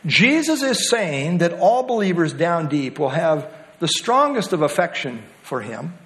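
Brief: male pastor preaching, high voice with wide swings, emphatic and explanatory. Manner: animated, emphatic expository preaching. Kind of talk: sermon.

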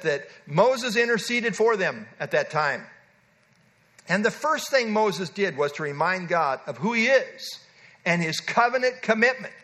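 Male preacher, high bright voice, earnest emphatic Bible teaching. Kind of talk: expository sermon.

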